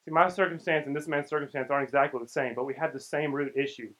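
A man's voice: mid-range voice, steady tone, fast talker, fairly bright tone, rough recording. A young man giving a casual, conversational sermon and acting out the lines of the people in the story. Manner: conversational, acts out the characters' lines. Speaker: preacher.

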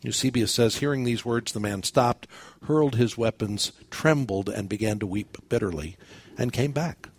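A man's voice: medium pitch, moderate pace, slightly rough. An older man, a pastor, preaching a sermon and telling a story with quoted dialogue and repeated phrases.

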